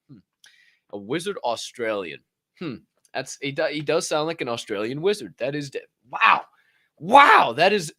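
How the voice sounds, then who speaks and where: A man's voice: on the high side, fairly bright tone, no echo. A man hosting a casual crypto news podcast, rambling and profane with lots of fillers and a dry throat. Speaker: podcast host.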